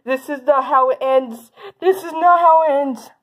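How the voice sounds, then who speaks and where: A woman voicing whiny, frightened schoolyard bully kids in a game role-play, shrill and pleading. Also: normal speed, lightly acted. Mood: panicked.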